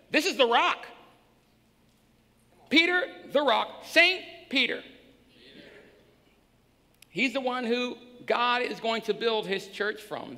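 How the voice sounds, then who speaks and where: A male pastor preaching a sermon in a church, swinging between hushed and shouting. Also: very high voice. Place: church sanctuary. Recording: long hall reverb.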